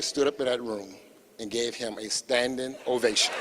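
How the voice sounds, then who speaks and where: A man's voice: mid-range voice, moderate pace, big-room sound, noisy background. A man at a memorial service, telling a humorous anecdote about a late colleague and laughing as he goes. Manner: animated storyteller, laughing as he goes. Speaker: former colleague giving a eulogy.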